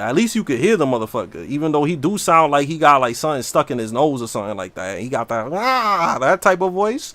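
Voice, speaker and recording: A man's voice: on the high side, fast talker, hardly any pauses, no echo. A man chatting casually and brashly while streaming a game. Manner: brash, slangy, animated. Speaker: livestreamer. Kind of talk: casual gaming stream talk.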